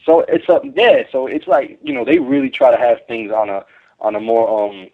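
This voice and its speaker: A man's voice: mid-range voice, wildly swooping pitch, normal speed, gravelly. Young guy from brooklyn calling in, tinny phone line, swears a lot and laughs. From Brooklyn, New York. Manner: loose, profane, laughs often. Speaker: guest rapper. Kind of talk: casual radio chat.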